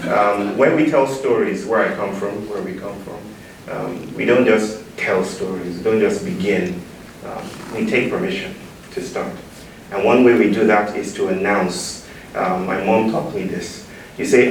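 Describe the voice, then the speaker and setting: In a large room full of listeners, a keynote speaker from Nigeria talks in a fairly low voice, keeping things playful with call-and-response. The recording comes from a distant mic in an echoey hall and has a little hiss or hum.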